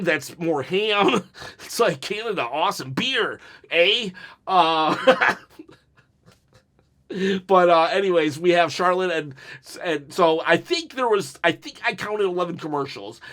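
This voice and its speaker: A man reviewing a wrestling show in casual solo talk, excitable and rambling, with jokey asides, jittery from caffeine. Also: on the high side.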